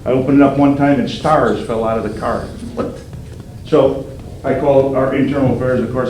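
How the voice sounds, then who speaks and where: A man's voice: mid-range voice, brisk. Older man telling a story in a roomy hall. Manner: animated, acts out quoted voices. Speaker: federal agent speaking to police recruits. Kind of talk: storytelling speech. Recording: roomy hall sound, faint background noise.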